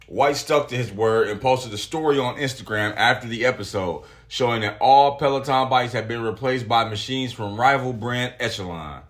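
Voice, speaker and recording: Profane, animated male podcast host. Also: medium pitch, moderate pace, few pauses. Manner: profane, animated, reads articles aloud. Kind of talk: casual solo podcast commentary.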